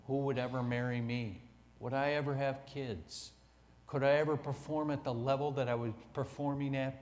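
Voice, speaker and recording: A middle-aged man giving a motivational keynote, telling his story with dramatic swings from hushed to loud. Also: mid-range voice. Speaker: keynote speaker. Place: large conference hall. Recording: echoey hall.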